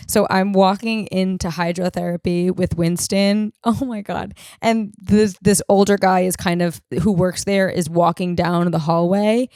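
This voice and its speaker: Lively, swearing young woman podcast host. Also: fairly low pitch, a little slow, few pauses, clear, resonant tone, no room sound, clean studio sound. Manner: animated, profane, self-deprecating storytelling. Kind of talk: casual storytelling chat. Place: home room used as podcast studio.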